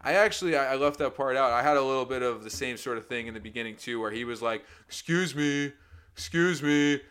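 Guy chatting on a podcast, mid pitch, lots of "you know" and "man", gets loud and lively telling stories. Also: very fast, clean tone. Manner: animated storyteller who acts out quotes with loud pitch jumps; swears casually, many fillers like "you know" and "man". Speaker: podcast co-host. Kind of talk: casual podcast chat.

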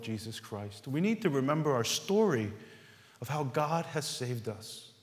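A man preaching a sermon as pastor, earnest and repetitive, building to loud emphasis on key words. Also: mid-range voice, in a large hall.

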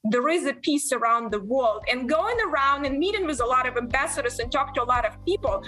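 A woman in her forties answering interview questions earnestly, often halting and restarting her sentences. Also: sits high, sharp tone, soft background music. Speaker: guest, member of Congress.

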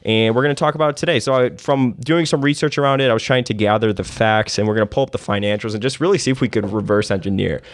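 A man's voice: mid-range voice, fast, hardly any pauses, no echo, clean studio sound. A man hosting a podcast, chatting casually and telling stories with plenty of fillers. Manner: conversational, storytelling with many fillers. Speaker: podcast host. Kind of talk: casual investing podcast chat.

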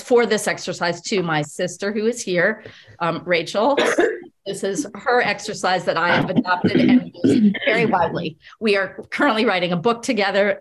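A woman leading a group laughter session, coaching in an upbeat way and often laughing as she talks. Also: fairly high pitch.

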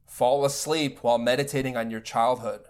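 A man giving a recorded spiritual lecture as a teacher, speaking in a measured, deliberate way. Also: medium pitch, fairly even intonation, a little mellow, clean tone.

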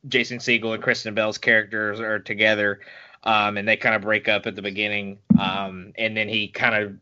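A man on a casual movie podcast, talking haltingly with many fillers. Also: on the low side, level tone, bright, forceful tone, highs cut off. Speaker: podcast co-host.

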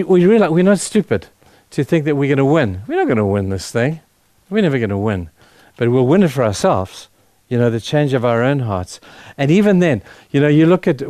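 A man's voice: medium pitch, mellow, no echo, studio quality. A middle-aged man preaching to a church, talking conversationally and building to fervent emphasis. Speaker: guest speaker at a church. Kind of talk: sermon.

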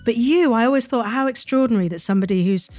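A woman's voice: a little high, quick pace, a little mellow, no echo. A woman hosting a radio interview, speaking to her guest in an effusive, admiring way and then introducing music. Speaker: host, former director.

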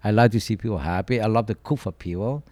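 A man, a guest chef whose first language is not English, talking in a casual podcast chat, blunt and profane, telling stories with lively broken English. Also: fairly low pitch, fast talker, dry recording. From Canada-based chef.

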